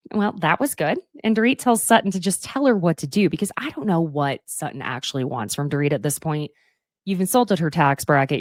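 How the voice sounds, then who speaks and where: A woman's voice: deep voice, darkish tone, dry recording, clean studio sound. A woman hosting a podcast, recapping a reality show in a chatty, sassy way, with asides to her listeners and snippets of the cast acting out lines.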